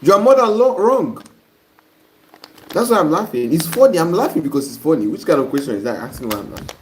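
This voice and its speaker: A man's voice: a little high, sing-song, quick pace. A man with a Nigerian accent teaching a live-stream lesson, reading viewer comments and bluntly scolding wrong answers. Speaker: online course teacher. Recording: noisy live-stream audio.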